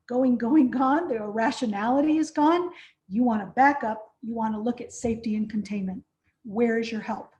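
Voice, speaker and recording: A woman's voice: sits high, a little mellow. A woman trainer giving a professional training lecture, conversational, often checking in with "right?". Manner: conversational, frequent "right?" tag questions.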